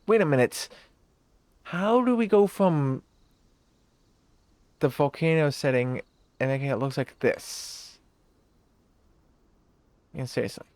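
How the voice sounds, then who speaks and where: A game streamer casually talking through a live stream, reading in-game text aloud, thinking out loud and laughing easily. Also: medium pitch, slow pace, long pauses, dry recording.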